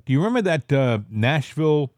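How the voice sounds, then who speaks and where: A man hosting a casual political talk show, rambling with halting restarts. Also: on the high side, sing-song, a little mellow, dry recording, clean studio sound. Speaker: podcast host.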